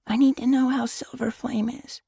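A man's voice: very high voice, flat delivery, normal speed, creaky, mellow, breathy edge, no room sound, clean studio sound, voice pushed up, exaggerated voice. A man voicing a young female cat apprentice in an audiobook, pleading and emotional. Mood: anxious. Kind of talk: audiobook character voice.

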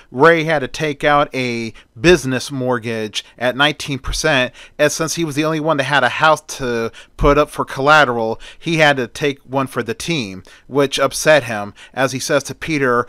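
Bright, crisp male storyteller. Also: medium pitch, unhurried, hardly any pauses, dry recording. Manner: plain, conversational narration. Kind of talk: casual story retelling.

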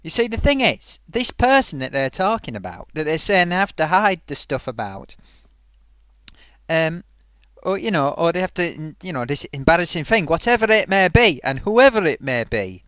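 A man's voice: a little high, sing-song, moderate pace, fairly bright tone, smooth, dry recording, studio quality. A man hosting his own vlog and chatting casually, rambling along with plenty of ums and restarts. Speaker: vlogger host. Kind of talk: casual comedy vlog chat.

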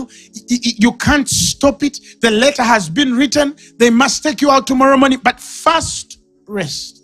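High-voiced Ugandan preacher, animated. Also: male voice. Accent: Ugandan English. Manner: animated preaching, shouts and laughs, acts out callers. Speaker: pastor. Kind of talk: sermon.

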